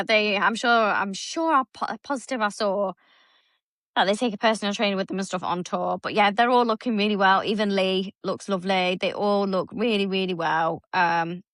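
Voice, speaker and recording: A woman in her thirties with a Stoke-on-Trent accent, co-hosting a casual podcast and telling stories in a chatty, animated way. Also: mid-range voice, no echo. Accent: Stoke-on-Trent English. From England. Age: 30s. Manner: chatty, animated storytelling with gasps. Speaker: podcast host. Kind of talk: casual chat.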